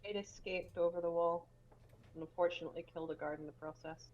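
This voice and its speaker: A woman's voice: lowish voice, fairly even intonation, fast, darkish tone, lo-fi sound, a little hiss or hum. A woman playing in a tabletop game, speaking in a polite, casual way. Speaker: player.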